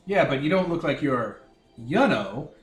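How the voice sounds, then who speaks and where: A man's voice: mid-range voice, lively intonation, unhurried, recorded from a distance, natural voice. A man voicing a smug male nobleman in a tabletop game, using a folksy, condescending Canadian-style drawl, recorded in an echoey room with faint music.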